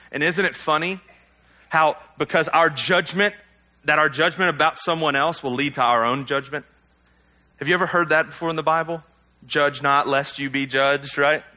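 A male pastor preaches in a relaxed, conversational way, throwing rhetorical questions at his listeners and poking fun at himself. His voice is bright and forward, and sits a little higher than most men's. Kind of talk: sermon.

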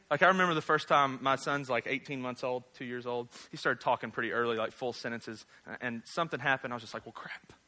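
Joking pastor with a bright, ringing voice. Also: male voice, mid-range voice. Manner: joking, conversational, rhetorical tag questions. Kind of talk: casual humorous sermon.

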